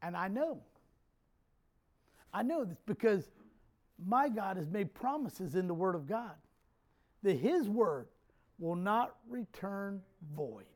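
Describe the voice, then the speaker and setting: A male pastor preaching a sermon to his church, animated, swinging from quiet jokey asides to loud shouts. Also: high voice, slow pace, long pauses.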